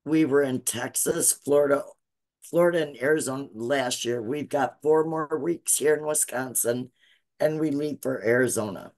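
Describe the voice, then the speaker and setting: A woman's voice: extremely low pitch, moderate pace, darkish tone. A woman in her sixties on a video call, giving an earnest, teary testimonial and urging listeners to follow along. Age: 60s. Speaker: guest student sharing success story. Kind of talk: emotional testimonial on a live call.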